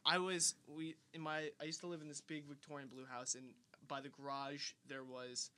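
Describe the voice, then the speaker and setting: A young man co-hosting a podcast, telling an embarrassing childhood story in animated casual chat. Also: fairly high pitch, normal speed. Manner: animated storyteller, laughs often. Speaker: podcast co-host.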